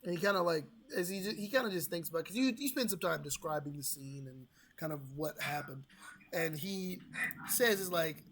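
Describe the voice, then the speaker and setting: A man's voice: a little high, a little fast, fairly bright tone, a little hiss or hum. A man narrating as game master of a tabletop game, rambling and correcting himself as he goes.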